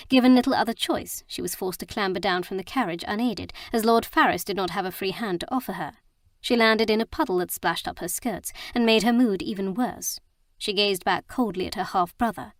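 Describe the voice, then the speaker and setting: A woman narrating a romance audiobook with a steady storytelling delivery. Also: mid-range voice, normal speed, dry recording, studio quality.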